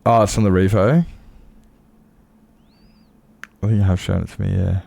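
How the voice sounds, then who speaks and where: A man's voice: sits low, fairly even intonation, normal speed, creaky, a little mellow. An Australian man streaming a game, chatting casually and rambling in a self-mocking way with his viewers. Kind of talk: casual live-stream chat while playing.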